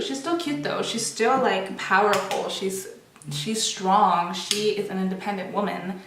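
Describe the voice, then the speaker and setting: Chatty young woman in an echoey room. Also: medium pitch. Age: young adult. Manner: chatty, candid, rambling with many restarts and fillers. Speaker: beauty vlogger. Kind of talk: casual get-ready-with-me chat. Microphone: built-in camera mic.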